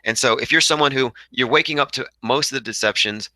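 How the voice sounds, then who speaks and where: A man's voice: mid-range voice, fast, bright, forceful tone, dry recording, low-quality recording. A young man hosting a casual livestream, reading viewer comments aloud and rambling combatively. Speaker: livestream host reading chat.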